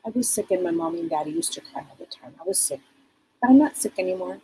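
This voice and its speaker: A woman voicing the spirit of a sweet, polite, chatty little girl, in a high childlike voice. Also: lively intonation, quick pace, warm tone, slight background noise, lightly acted, rough recording.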